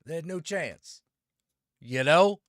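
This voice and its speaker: A man's voice: a little high, expressive, slow pace, dry recording, studio quality. A man live-streaming and chatting with viewers, ranting with a lot of swearing and greeting people by name. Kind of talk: casual live-stream chat.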